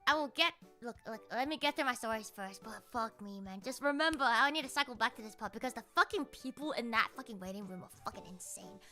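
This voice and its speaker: A young woman streaming, telling a story in a high, bright voice. She swears freely, laughs often and jumps up in pitch to mimic other people. Faint music plays underneath. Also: animated, fast, few pauses. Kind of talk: casual livestream storytelling.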